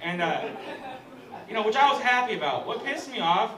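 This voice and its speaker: A man's voice: high-pitched, animated, moderate pace. A young American man performing a live stand-up set, self-deprecating and chatty with the crowd. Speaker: stand-up comedian. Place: comedy club stage. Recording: echoey room from far off with loud crowd noise. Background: audience laughter.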